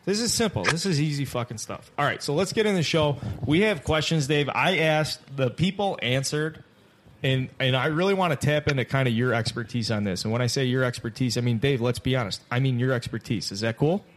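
A man's voice: mid-range voice, a little fast. A man hosting a casual sports podcast, brash and teasing, who swears freely. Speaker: podcast host.

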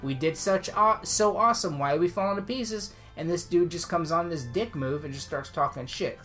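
A man's voice: a little high, normal speed, a bit bright. Man, podcast co-host, heated storyteller, faint music behind. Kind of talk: casual storytelling chat.

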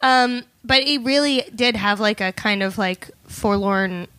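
Woman, high voice, crisp bright tone, casual comedic chat, lots of "like". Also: no echo. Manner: fast, jokey, lots of "like" fillers.

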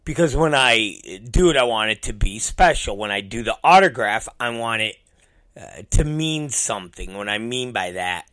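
A man's voice: lowish voice, expressive, moderate pace, a bit bright. A man in a casual monologue, rambling and self-deprecating, swearing freely as he goes.

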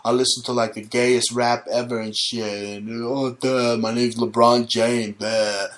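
A man putting on a slow, dopey voice to mock a whiny athlete. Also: medium pitch, little pitch movement, pitched below the performer's own voice, natural voice. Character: dim, whiny male athlete in mockery.

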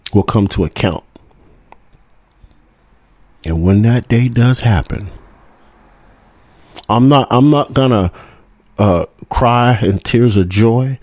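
A man's voice: mid-range voice, a little mellow, no echo. A man hosting a political talk show, delivering a heated monologue full of profanity and rhetorical "hmm?" asides. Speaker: podcast host.

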